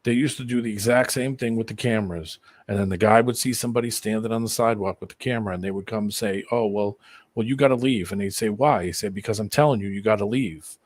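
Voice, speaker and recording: A man's voice: fairly low pitch, fast talker, no room sound. A man on a live panel, chatting casually and wryly acting out quoted back-and-forth exchanges. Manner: wry, acts out quoted exchanges. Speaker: panel guest. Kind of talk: casual chat.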